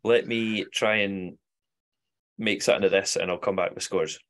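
Male co-host, low-pitched, upbeat quizmaster energy. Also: steady tone, fairly bright tone. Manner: upbeat, quick to laugh. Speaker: podcast co-host. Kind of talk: casual podcast chat.

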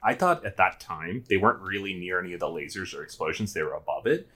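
Man, lowish voice, podcast co-host, relaxed, agrees and adds hesitant comments. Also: fast, breathy edge. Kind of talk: casual book club discussion.

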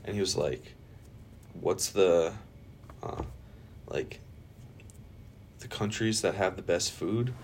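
A man's voice: low voice, slow, long pauses, a little hiss or hum. A young man hosting a podcast, chatting casually, joking and swearing a lot. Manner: swears freely, jokey. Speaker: podcast host. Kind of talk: casual chat.

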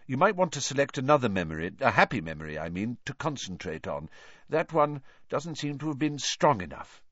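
A man voicing a gentle, tired male teacher who speaks quietly and carefully. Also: mid-range voice, big pitch swings, fairly quick, no echo, lo-fi sound, voice pushed up.

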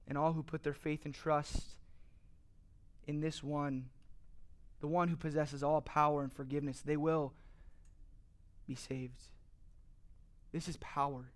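Earnest preaching man, slightly high voice. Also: level tone, a little slow, pauses often. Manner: earnest preaching, rhetorical questions; builds in energy, emphatic. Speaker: pastor. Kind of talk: sermon.

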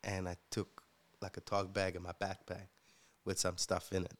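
A man's voice: low voice, completely flat delivery, normal speed. A man from Africa, telling his life story in a casual interview in an earnest, reflective way. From South Africa. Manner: earnest, reflective, with many fillers. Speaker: guest and future co-host.

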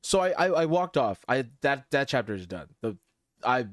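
A man's voice: medium pitch, normal speed, no room sound. Give me a young man on a podcast with a dry, close sound, telling a rambling story and acting out the quotes. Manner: rambling, animated, acts out quotes. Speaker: podcast co-host. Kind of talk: casual storytelling among friends.

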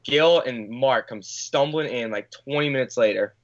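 A man's voice: medium pitch, normal speed, highs cut off. A man telling a long anecdote in casual podcast chat, rambling with many fillers, swearing and acting out what people said. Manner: rambling, filler-heavy, swears, acts out quotes. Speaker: podcast guest. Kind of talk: casual storytelling.

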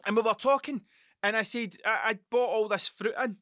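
A Scottish man hosts his podcast in a loose monologue, swearing constantly and losing track of his point before circling back. His voice is bright and forceful. The sound is dry and close, with no room echo. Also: high-pitched, normal speed. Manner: rambling, heavily profane, self-interrupting. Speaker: podcast host. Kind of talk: casual monologue.

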